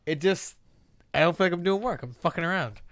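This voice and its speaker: A man's voice: high voice, brisk, dry recording, studio quality. A man hosting a podcast in casual chat, joking and cutting in. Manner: animated, joking, interrupts. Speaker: podcast host.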